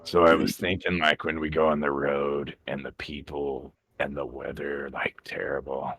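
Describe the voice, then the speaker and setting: A man playing a tabletop game, talking in a casual, deadpan way. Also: extremely low pitch, normal speed, slightly rough, no room sound. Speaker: player. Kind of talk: in-character tabletop chat.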